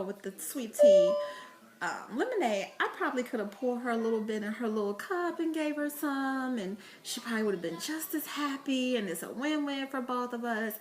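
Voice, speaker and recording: A woman vlogging about parenting, telling chatty stories to camera with laughter and fillers. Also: fairly high pitch. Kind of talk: casual vlog talk to camera.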